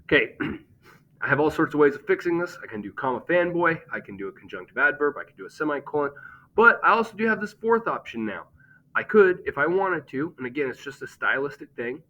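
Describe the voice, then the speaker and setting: A man's voice: medium pitch, sharp tone, muffled recording. A man teaching a grammar lesson, explaining step by step and checking in with "okay?".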